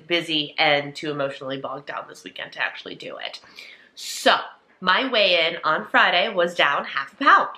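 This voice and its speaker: A woman's voice: on the low side, bright, forceful tone. A woman in her thirties chatting earnestly and emotionally to her viewers in a casual vlog at home. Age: 30s. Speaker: vlogger. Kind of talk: casual chat.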